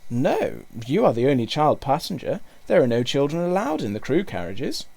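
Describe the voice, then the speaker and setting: A man's voice: on the high side, wildly swooping pitch, normal speed, gravelly, darkish tone, pitched above the performer's own voice, full character voice. A man reading a storybook aloud, voicing a young waitress who answers curtly and evasively. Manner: curt, evasive. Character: flustered young train waitress.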